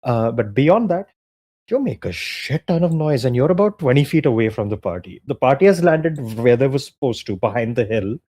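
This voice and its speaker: A man's voice: medium pitch, lively intonation, moderate pace, warm tone. A young man narrating as game master in a tabletop game, casual and full of fillers, often laughing.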